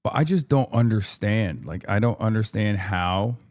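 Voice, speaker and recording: A man's voice: on the low side, moderate pace, a little mellow. A man ranting in livestream commentary, exasperated and profane, repeating himself for emphasis. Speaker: streamer reacting to news.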